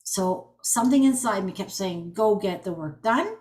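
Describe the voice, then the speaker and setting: A woman in her forties, an energy healing coach telling her personal story on a video call, chatty and animated with many restarts. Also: mid-range voice, normal speed.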